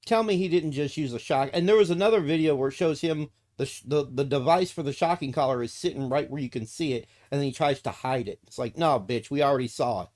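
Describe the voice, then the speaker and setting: A man's voice: on the high side, fast talker, few pauses, a little mellow. A man streaming casually, cooing to his dog in baby talk and swearing freely when he rants. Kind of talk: casual live-stream chat.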